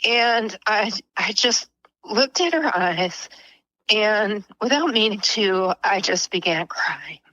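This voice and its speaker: A middle-aged woman speaks with a bright, clear tone as a podcast guest. She unfolds an emotional personal story at an unhurried, deliberate pace. At tender moments her voice sinks to a whisper, and the sound stays close and dry. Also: mid-range voice, expressive, dry recording, lo-fi sound. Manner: slow and earnest, dropping to a whisper at tender moments.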